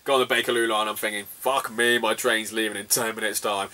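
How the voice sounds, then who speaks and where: Brief: young man, chatty storyteller, bright forceful tone, a bit off-mic. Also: fairly low pitch, fast talker, far from the mic, a little hiss or hum. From England, southwest. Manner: laughs often, swears freely, animated retelling. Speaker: retro gaming vlogger. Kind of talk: casual storytelling.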